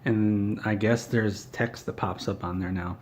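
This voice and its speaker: A man's voice: on the low side, steady tone, unhurried. A man doing an in-character comedy monologue, ranting in an indignant, whiny, self-important way.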